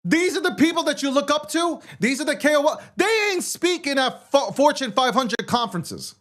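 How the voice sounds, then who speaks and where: A man's voice: extremely high pitch, big pitch swings, moderate pace, a bit bright. Guy w a northeast ranting on his show, cussing, sarcastic, voice jumps all over. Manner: profane, heated and sarcastic. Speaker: show host. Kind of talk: ranting commentary.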